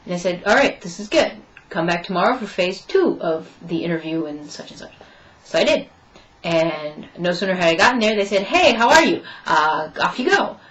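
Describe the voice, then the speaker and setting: A woman's voice: on the low side, expressive, fairly quick, dull audio. A young woman telling a story in a casual vlog update, chatting and acting out both sides of her conversations. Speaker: vlogger.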